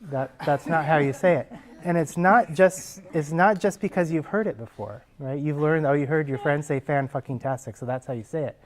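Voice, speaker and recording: Speaking with few pauses at a moderate pace, a man with a somewhat high voice works as a linguist fielding actors' questions. He talks the class through concepts conversationally, using examples from daily life.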